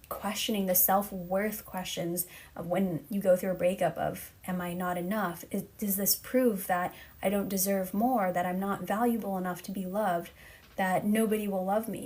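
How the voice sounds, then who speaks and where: An earnest woman coach speaks straight to her listener, steady and encouraging, at a middling pitch. She sounds slightly out of breath as she talks on her live stream. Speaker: relationship coach. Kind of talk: live-stream advice talk.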